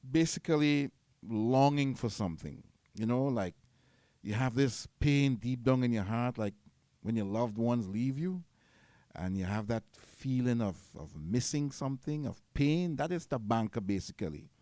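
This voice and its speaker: A man's voice: mid-range voice, warm tone, no room sound. A man from Trinidad with a Trinidadian accent, hosting a casual radio show in a chatty, jokey way. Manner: chatty and jokey, laughs often. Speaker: radio host.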